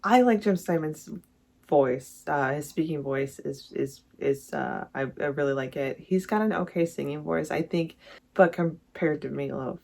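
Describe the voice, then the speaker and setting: At a measured pace, a music vlogger with a gravelly, somewhat mellow mid-range voice counts down a song ranking. The talk rambles casually, with frequent self-corrections and eager praise for favorites.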